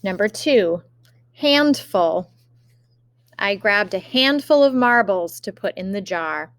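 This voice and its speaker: A woman teacher giving a remote spelling lesson, dictating words slowly and carefully with example sentences. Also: medium pitch, expressive, fairly bright tone, no echo, clean studio sound.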